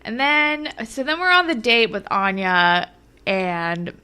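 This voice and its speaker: Bright-voiced young woman recapping a show. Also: medium pitch, slow pace, smooth. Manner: animated, acts out characters' lines in exaggerated voices. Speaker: podcast co-host. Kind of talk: casual recap chat.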